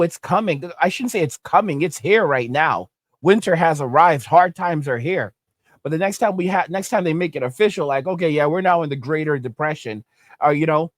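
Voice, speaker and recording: A man's voice: fairly high pitch, dry recording. A man hosting his own channel, delivering an emphatic, repetitive opinion rant and often checking in with "okay?". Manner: emphatic, repetitive, tag questions. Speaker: channel host.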